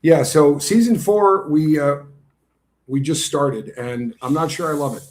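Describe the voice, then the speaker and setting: A man co-hosting a livestream, telling stories in a relaxed way and laughing often. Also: a little high, a little slow. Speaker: co-host of a livestream. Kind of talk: casual chat and storytelling.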